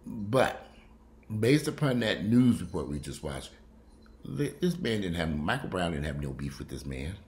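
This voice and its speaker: Blunt, profane low-voiced man. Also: sing-song, unhurried, a little mellow. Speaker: vlogger commenting on a news story. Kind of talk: casual commentary. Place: home.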